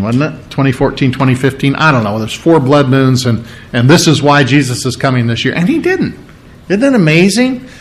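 A man delivers a sermon in a loose, conversational way, throwing questions at his listeners and joking along the way. His voice sits slightly higher than most men's. He mentions sore ribs as he preaches. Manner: conversational, animated, asks the audience questions, jokes. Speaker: pastor.

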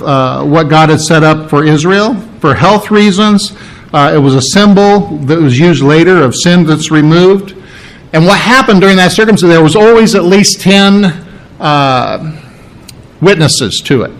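A man's voice: fairly high pitch, rough recording. A man preaching a conversational sermon to a congregation, stressing points and checking in with his listeners. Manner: conversational, emphatic, checks in with "all right?". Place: church before a congregation.

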